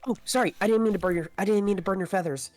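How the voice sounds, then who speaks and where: A woman's voice: mid-range voice, rapid-fire, a little mellow, no room sound, faint music behind, pitched above the performer's own voice, natural voice. A woman playing an overexcited young fox explorer in a tabletop game, stammering and eager.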